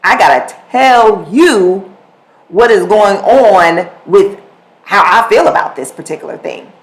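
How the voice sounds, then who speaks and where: The audio is poor, but the host's mid-range voice comes through at a measured pace. She speaks alone on her podcast about communication in a casual, animated way, acting out little examples as she goes.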